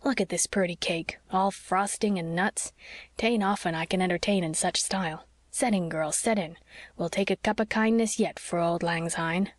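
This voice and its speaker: A woman's voice: fairly low pitch, normal speed, no echo, natural voice. A woman voicing a kindly old sea captain with folksy, old-fashioned speech in an audiobook. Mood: hospitable. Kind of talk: audiobook character reading.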